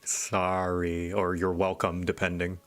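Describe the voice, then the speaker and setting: A woman's voice: rumbling low, monotone, a little slow, dry recording. A woman streamer and game master in casual chat, laid-back, laughing often with dry asides.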